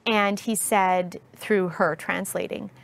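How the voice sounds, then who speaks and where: A woman guest in her thirties, telling a personal story in an interview, earnest and heartfelt, speaking slowly and deliberately. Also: medium pitch, fairly even intonation, vocal fry.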